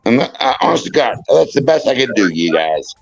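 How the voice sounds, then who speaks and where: A tipsy, tearful man pleading and apologizing in a halting, repetitive way on a livestream. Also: mid-range voice, very animated, gravelly, lo-fi sound, faint music behind. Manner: halting, repeats himself, pleading. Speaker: livestream panel guest.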